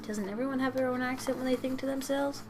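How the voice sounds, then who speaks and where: Tired after work, a young woman who hosts a channel rambles from home in a jokey, self-deprecating way while she draws. Her high-pitched voice moves quickly with fairly even intonation, and music plays in the background.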